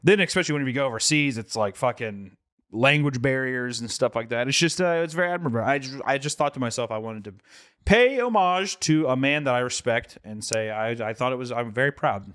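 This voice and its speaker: A man's voice: mid-range voice, expressive, a bit bright, smooth, no room sound. A young man with a mid-range voice talks sincerely on a podcast, stumbling and restarting as he searches for words. His voice sits in a dry, close-miked room. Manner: earnest and halting, many restarts, sincere praise. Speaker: podcast co-host. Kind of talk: casual chat.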